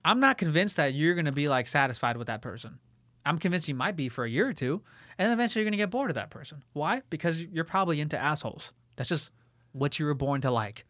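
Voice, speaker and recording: A man's voice: fairly high pitch, expressive, fast talker, pushed and bright, no room sound, clean studio sound. A brash young man chatting casually as a podcast co-host, swearing often and telling stories with animation. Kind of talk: casual chat.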